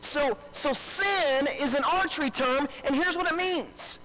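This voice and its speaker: A male pastor preaches a live sermon before a church congregation in a very high, pushed, bright voice, unhurried yet with hardly any pauses. He repeats key phrases for emphasis and calls out for the crowd to answer back. The recording quality is low.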